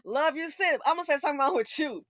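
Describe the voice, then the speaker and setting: A woman talks straight to her viewers in a casual commentary, animated and sassy. Her voice sits high and bright, and the close, dry recording carries almost no room sound. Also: fast talker, no echo. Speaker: commentary channel host.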